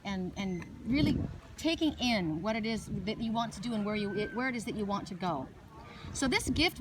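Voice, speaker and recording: A woman's voice: on the high side, noisy background. Chatty woman reading cards outdoors. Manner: chatty, rambling, with many restarts. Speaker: oracle card reader. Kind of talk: casual spiritual reading vlog outdoors. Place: outdoors by water in a wooded glen.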